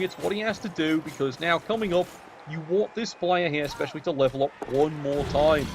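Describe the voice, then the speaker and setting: A man's voice: high voice, noisy background. A man giving wry, sarcastic play-by-play commentary on a video game match.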